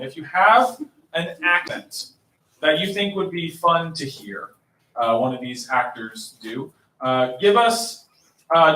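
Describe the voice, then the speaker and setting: A bright, high-voiced man emcees an improv show with lively, swooping intonation. He sounds upbeat and chatty and laughs easily. The mic sits some way off in a roomy space with faint noise. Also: recorded from a distance. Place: small coffee shop stage.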